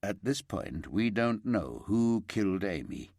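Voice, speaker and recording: A man doing a low, grave detective sergeant. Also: very animated, vocal fry, dry recording, clean studio sound, heavily acted. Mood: calm. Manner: measured, gentle, grave. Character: male detective sergeant, calm and steady.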